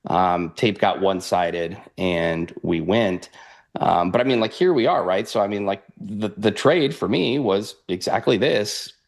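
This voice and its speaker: A man talking through futures charts in a rambling, animated way, laughing often. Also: on the low side, unhurried, vocal fry. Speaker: futures trader guest. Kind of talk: casual market analysis chat.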